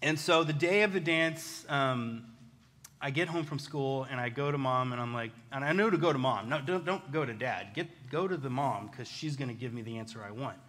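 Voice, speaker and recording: A man telling a casual personal story in a chatty, self-deprecating, animated way. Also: medium pitch, moderate pace.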